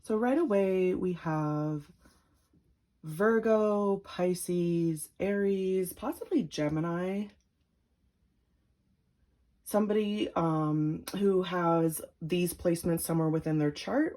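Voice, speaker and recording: A woman's voice: on the low side, measured pace, mellow. Chatty giggly young woman reading tarot. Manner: chatty, giggly, upbeat, often says "like". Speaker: tarot reader. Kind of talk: casual pick-a-card tarot reading.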